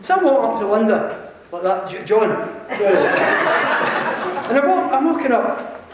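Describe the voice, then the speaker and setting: A Scottish man with a Glasgow accent telling an animated, self-deprecating story to a conference audience, chuckling often. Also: very high voice, a little slow. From Scotland. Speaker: conference speaker. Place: large conference hall. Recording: very echoey hall, mic far off, faint hiss.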